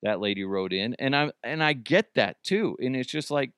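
A man's voice: mid-range voice, animated, moderate pace, fairly bright tone, smooth, dry recording. Joking, profane podcast host man. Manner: joking, profane, laughs often. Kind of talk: casual podcast chat.

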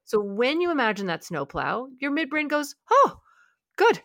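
A woman's voice: high-pitched, sing-song, normal speed, no room sound, studio quality. A woman hosting a conversation, eagerly explaining how the brain works and acting out the voices inside it.

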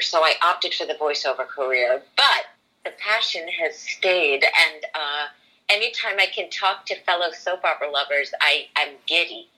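A woman's voice: low-pitched, expressive, moderate pace, pushed and bright, rough recording. A woman who works in voiceover, chatting eagerly as a podcast guest, full of "like" and "you know". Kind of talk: casual conversation.

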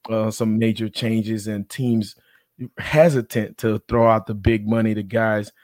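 Low flat-voiced man explaining. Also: no room sound, clean studio sound. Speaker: guest, sports agent. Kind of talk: podcast interview.

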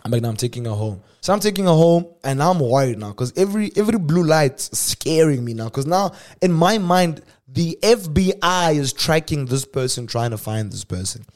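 A young South African man hosting a show, telling a personal story casually and swinging from hushed asides to loud exclamations. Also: fairly high pitch, lively intonation, normal speed, hardly any pauses. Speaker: podcast host.

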